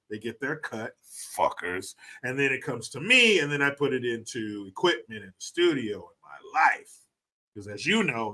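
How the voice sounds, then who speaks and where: A man's voice: medium pitch, pushed and bright. A man hosting a livestream and commenting in a mocking, profane, casual way. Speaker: livestream host.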